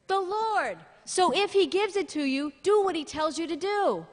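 A middle-aged woman pastor preaching a sermon in an animated way, often laughing and building to loud emphatic peaks. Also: extremely high pitch, normal speed, hardly any pauses. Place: church sanctuary. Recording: long church-hall reverb.

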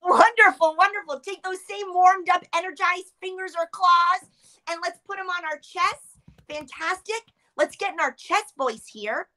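A woman leading a group through voice and face warm-up exercises on a video call, upbeat and coaching. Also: extremely high pitch, measured pace. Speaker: warm-up leader.

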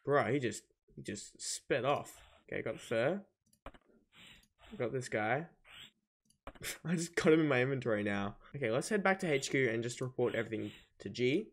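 A man's voice: mid-range voice, expressive, normal speed, faint music behind. Chatty man thinking aloud over a game. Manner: casual, thinks aloud, easily confused. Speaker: gaming channel host. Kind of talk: gameplay commentary.

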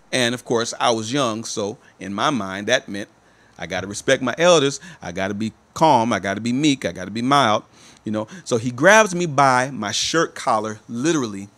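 A man's voice: mid-range voice, lively intonation, normal speed, a bit bright. A man telling a personal story to his viewers, speaking emphatically and repeating that he is telling the truth. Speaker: motivational speaker.

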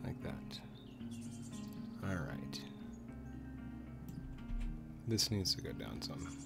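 A man streaming a building game, rambling to himself as he builds and greeting viewers in a high squeal. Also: very animated, drawn-out words. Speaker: gaming streamer. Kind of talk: casual gameplay chat. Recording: clear background music under voice. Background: background music.

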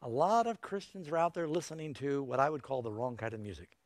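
A man's voice: medium pitch, fast talker, dry recording. A middle-aged male preacher giving an evangelistic sermon in a folksy, emphatic way, with joking asides.

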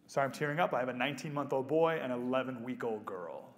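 A man in his thirties giving a live motivational speech to an audience. He is animated and jokes with the crowd, then drops to a soft, hushed voice. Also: mid-range voice, quick pace, few pauses, a little hiss or hum. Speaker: speaker at a pro-life event. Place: event venue with a live audience.

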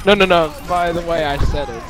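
A man chatting casually while gaming with friends, animated and quick to joke and giggle. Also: on the high side. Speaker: gamer streaming with friends.

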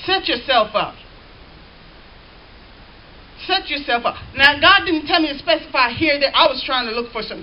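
A woman's voice: high-pitched, lively intonation, fairly quick, hardly any pauses. A woman pastor preaching a sermon, reading scripture aloud and calling out to the congregation. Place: church. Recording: dull lo-fi church recording with faint hiss.

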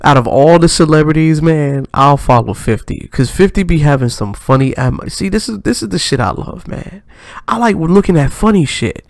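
Animated, gravelly man reacting to news. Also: a little high, normal speed, hardly any pauses, no echo. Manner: excitable, laughing, profane slang. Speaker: reaction channel host. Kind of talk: casual reaction commentary.

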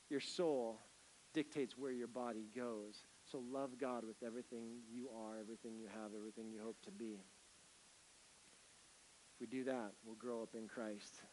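A man's voice: medium pitch, a little hiss or hum, low-quality recording. Preaching man with emphatic swells. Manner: emphatic preaching that swings from loud to hushed. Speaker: pastor. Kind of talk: sermon.

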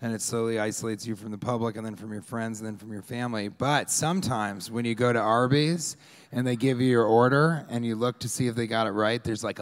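A man from Colorado doing a rambling stand-up comedy set on a club stage, shouting out bits of crowd work and acting out fans yelling at him. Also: lowish voice.

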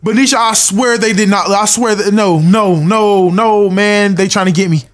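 A man's voice: sits high, normal speed. A young man streaming a horror game live, muttering checklists to himself, swearing and talking back to his chat. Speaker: gaming streamer.

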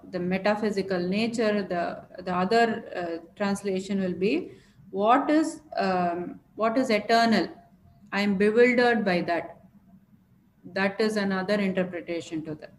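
A woman explaining a scripture word by word in a lecture, pausing often with fillers. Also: mid-range voice. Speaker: scripture teacher. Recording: echoey room with faint noise.

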